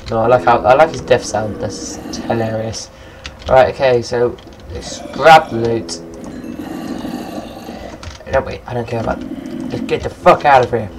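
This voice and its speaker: Excitable rambling man gaming. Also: medium pitch, measured pace, background noise. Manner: excitable, rambling, swears at monsters. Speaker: gameplay commentator. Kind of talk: casual let's-play commentary.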